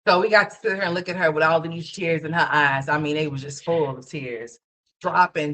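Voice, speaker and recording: A woman's voice: low voice, brisk, a bit bright. A woman doing casual live commentary as a streamer, blunt and profane, scolding the person she is reacting to. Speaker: livestream commentator. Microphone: streaming mic.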